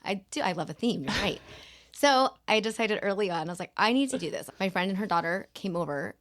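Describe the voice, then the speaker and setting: A woman's voice: medium pitch, fairly bright tone. A woman in her forties, a podcast guest who chats casually and fills her talk with "like". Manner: quick and chatty, lots of "like". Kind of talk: casual chat.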